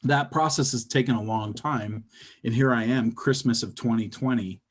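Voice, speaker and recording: A man talking as a podcast guest about his comics, in rambling, animated storytelling with many fillers. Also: mid-range voice, normal speed. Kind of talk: casual chat.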